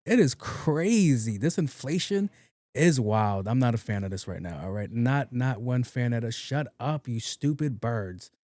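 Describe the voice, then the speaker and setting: Rambling, profane New podcast host. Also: male voice, medium pitch, animated, normal speed, dark tone, dry recording. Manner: rambling, profane, repeats words playfully. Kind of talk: casual solo podcast monologue.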